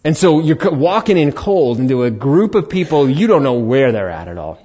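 A man's voice: mid-range voice, normal speed, breathy edge. A middle-aged man, a pastor, telling a personal story in a sermon in a conversational way and acting out the dialogue. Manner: animated, conversational, acts out dialogue. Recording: dull lo-fi recording.

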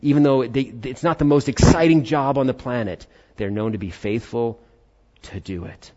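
A man preaching a sermon as pastor, earnest and animated, rising to emphasis on key points. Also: medium pitch, normal speed. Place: church service. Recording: muffled lo-fi sound.

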